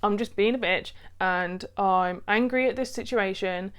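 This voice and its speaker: A young woman talking candidly to camera in a personal vlog, frank and quick to laugh, swearing casually. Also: medium pitch, smooth. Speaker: vlogger.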